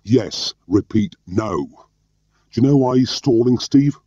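A man voicing an excitable, nervous male agent who talks in an agitated, jeering way, in a muffled recording. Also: low voice, moderate pace, no echo. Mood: excited.

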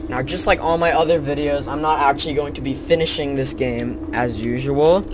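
A man's voice: a little high, fairly even intonation, moderate pace, noisy background. A young man playing a horror game, muttering profane, sarcastic commentary to himself. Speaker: gaming video creator.

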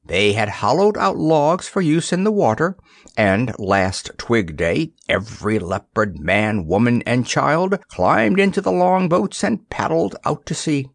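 Guy doing a calm grave lady hippo, storybook style, gravelly voice bouncing all over. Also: medium pitch, unhurried, no echo, studio quality, voice pushed up. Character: gentle wise female hippopotamus.

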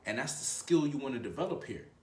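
A man's voice: medium pitch, animated, fast, warm tone, recorded from a distance. A man coaching viewers in a loose, conversational monologue, checking in with "right?" and calling the listener "bro". His voice sits back from the mic, and the room gives it a noticeable echo. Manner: conversational, frequent "right?" tag questions; slangy, addresses viewer as bro. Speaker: dating coach. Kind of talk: casual advice monologue. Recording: roomy, voice away from mic.

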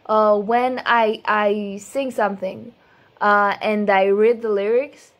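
A woman's voice: mid-range voice, steady tone, takes it slowly. A woman chatting casually to her viewers before singing a cover, rambling, giggly and self-deprecating, stumbling over her words. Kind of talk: casual chat.

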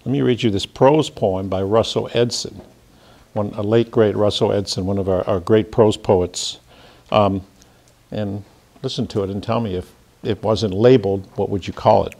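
A man, a creative writing professor, leading a seminar lecture in a halting way, with fillers and restarts. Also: on the low side, fairly even intonation, creaky, dark tone.

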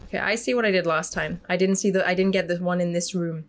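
A woman's voice: lowish voice, fairly even intonation, fast talker. A young woman commenting on a horror game. She gets jumpy, swears, laughs nervously and shrieks when chased. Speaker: gaming YouTuber.

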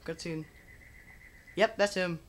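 A young adult playing a racing game and commenting in an excitable, exclaiming way. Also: mid-range voice, slow, noisy background. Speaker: game player. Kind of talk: let's play commentary.

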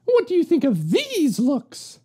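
Prim European badger agent, fussy and punning, high and lively, read by a woman. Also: measured pace, exaggerated voice. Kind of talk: storybook character voice.

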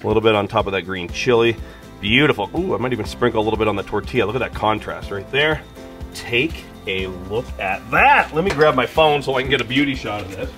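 A man's voice: on the low side, very fast, a bit bright, faint music behind. A middle-aged man hosting a casual cooking video in his garage, chatty and laughing often. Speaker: griddle cooking video host. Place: home garage.

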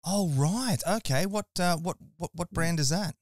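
A man's voice: high-pitched, normal speed, dry recording, clean studio sound. An Australian man hosting a casual barbecue podcast interview, friendly and chatty. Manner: friendly, chatty, says mate. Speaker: podcast host.

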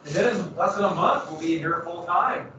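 A man's voice: high-pitched, moderate pace, pushed and bright, slight background noise. A male teacher chatting casually and rambling to his class in a classroom. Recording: echoey room, far from mic, muffled.

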